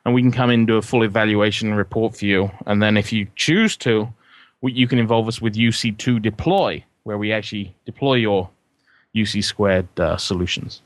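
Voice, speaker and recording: A man's voice: lowish voice, fairly quick, no room sound. A man chatting casually as a guest, rambling with restarts and jokes. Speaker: guest consultant. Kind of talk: casual podcast chat.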